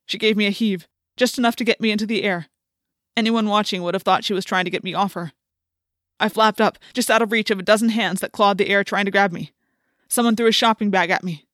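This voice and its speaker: A woman's voice: medium pitch, steady tone, brisk, dry recording, clean studio sound. A woman narrating an audiobook in the first person, telling the story with intense, dramatic delivery.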